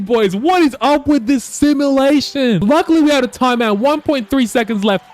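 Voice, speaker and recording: A young man giving casual, frustrated commentary over a basketball video game, cursing and swinging from low mutters to loud outbursts. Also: expressive, normal speed, faint music behind. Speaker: gaming YouTuber.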